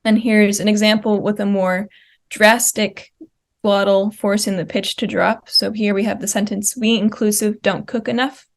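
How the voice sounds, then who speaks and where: A woman's voice: medium pitch, flat delivery, moderate pace. A young woman presenting linguistics research at a conference, explaining slide examples step by step with occasional fillers. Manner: uses fillers like uh and um.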